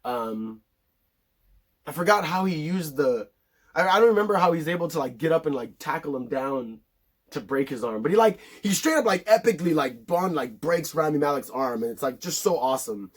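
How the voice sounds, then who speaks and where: A man's voice: a little high, lively intonation, moderate pace. A man casually recapping a movie in a rambling, profane way, full of filler words. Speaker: film reviewer.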